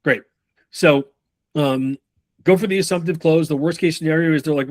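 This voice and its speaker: A man giving a casual sales training talk, swearing freely and acting out pitches and customer replies. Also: dry recording. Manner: loose, profane, acts out sales calls in quick role-play.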